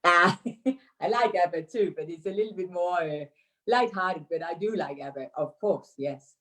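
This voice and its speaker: Low-voiced Danish woman with many pauses. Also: a bit bright. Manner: hesitant, many fillers and restarts. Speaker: interview guest, dance teacher. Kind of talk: casual remote interview. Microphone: video call.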